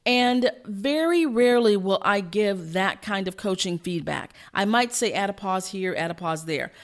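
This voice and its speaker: A woman coach and host giving an energetic, fast-paced instructional talk, emphatic and using her pitch to illustrate points. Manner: fast-talking.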